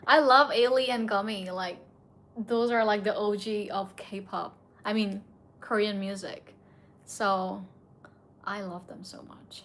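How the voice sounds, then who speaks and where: A woman's voice: medium pitch, steady tone, unhurried, a bit bright, a little hiss or hum. A young woman streaming late at night, a bit tipsy and emotional, tearfully answering her chat in casual talk.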